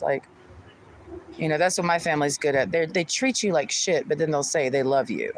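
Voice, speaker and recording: Aggrieved woman venting over steady noise. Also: low voice, normal speed. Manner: aggrieved, venting, repeats herself, swears. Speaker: vlogger. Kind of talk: personal rant to camera.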